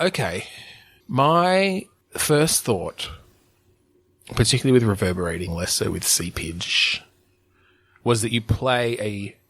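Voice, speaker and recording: Recorded with no echo, a man with a low-leaning, fairly bright voice co-hosts a podcast in casual conversation. His talk rambles with plenty of fillers and restarts, punctuated by frequent laughter.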